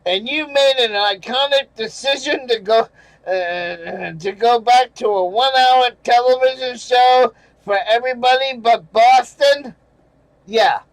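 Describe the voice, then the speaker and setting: Angry older man ranting slowly. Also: very high voice, no room sound, low-quality recording. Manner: angry, sarcastic, swearing, chuckling bitterly. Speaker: channel host reading viewer comments. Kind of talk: casual rant over screenshots.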